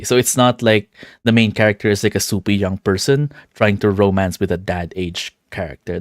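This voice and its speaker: A man's voice: on the low side, no echo, studio quality. A man streaming a visual novel, commenting casually and chatting with a laugh. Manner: chatty, laughing, self-deprecating. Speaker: game streamer.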